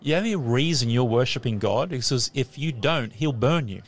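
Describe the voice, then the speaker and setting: A man's voice: mid-range voice, normal speed. A man teaching the Bible on live radio, quizzing a class in front of him and laughing often. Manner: lively, laughing, asks the audience questions. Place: tent or hall with a live audience.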